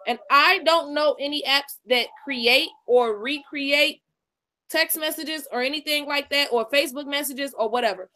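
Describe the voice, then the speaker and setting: A woman's voice: sits high, normal speed, pushed and bright. A woman co-hosting a live stream in casual commentary, emphatic and confrontational, repeating her lines for effect. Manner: profane, confrontational.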